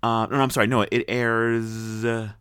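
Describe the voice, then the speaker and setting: A man hosting a TV review podcast in casual chat, excitable and rambling, laughing often. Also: mid-range voice, measured pace, clean tone, no echo, clean studio sound.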